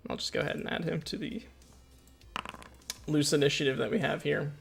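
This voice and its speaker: A man running a tabletop game as game master, narrating in a relaxed, hesitant way full of filler words. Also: on the high side, a little fast, vocal fry, soft background music. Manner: relaxed, hesitant, lots of uhs and laughs.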